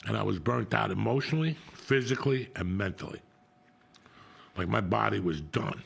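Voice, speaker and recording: A middle-aged comedian tells a story in loose, profane chat. His voice is low, rough and gravelly, with a husky edge. He talks bluntly and with lots of animation. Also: lively intonation, moderate pace, a bit bright. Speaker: comedian podcast host.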